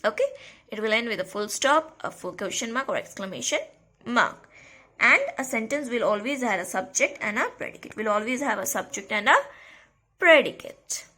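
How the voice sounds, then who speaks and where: A woman teaches a school grammar lesson in a high, bright voice. She says each key phrase twice, slowly, and keeps checking with the class. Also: expressive.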